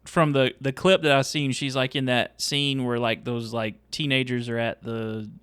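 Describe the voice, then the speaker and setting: A man in casual podcast conversation about a movie, talking at a middle pitch. He hesitates and restarts as he builds his points. The sound is dry and close. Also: steady tone, normal speed, fairly bright tone, clean tone, dry recording. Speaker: podcast co-host. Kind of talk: casual movie review chat.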